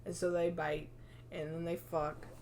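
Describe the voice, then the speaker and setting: A woman co-hosting a podcast, casually retelling a story with quick asides, swearing and frequent laughter. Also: deep voice, little pitch movement, gravelly, darkish tone, a little hiss or hum. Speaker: podcast co-host. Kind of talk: casual chat, retelling a fanfic with quoted voices.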